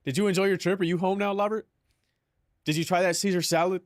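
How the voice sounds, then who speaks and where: A man's voice: high-pitched, steady tone, quick pace, no room sound. Young man streamer, dry close mic. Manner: joking, mock-dramatic, chatty with filler words. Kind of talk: casual live-stream chat.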